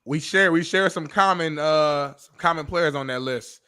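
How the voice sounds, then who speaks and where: A sports show co-host with a bright, fairly high voice, recorded close and dry. He argues emphatically, point by point, with plenty of swearing. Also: moderate pace, smooth, dry recording. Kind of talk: sports talk debate.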